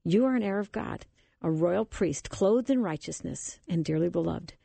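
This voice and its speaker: Christian radio host lady, enthusiastic, lowish mellow voice. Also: animated, moderate pace, creaky, husky, dry recording.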